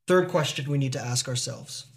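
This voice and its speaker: A man's voice: medium pitch, normal speed. A man preaching a sermon as pastor, earnest and emphatic, posing rhetorical questions to the congregation.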